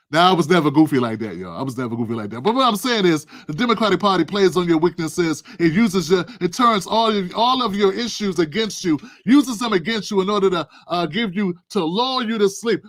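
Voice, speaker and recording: A man's voice: sits high, a bit bright. A man hosting his own show, talking straight to his viewers in casual, slangy, emphatic political commentary. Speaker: show host.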